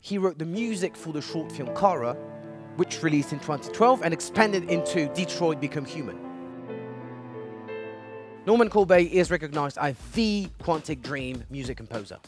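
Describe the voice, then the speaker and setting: A man's voice: a little high, normal speed, music in the background. A man hosting a playful studio video series, joking and quipping as he presents. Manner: jokey, animated, sings snippets. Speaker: host.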